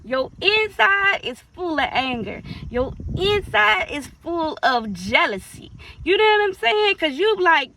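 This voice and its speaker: A woman's voice: very high voice, big pitch swings, unhurried, bright, forceful tone, rough recording. A woman minister preaching casually, acting out little dialogues in playful voices.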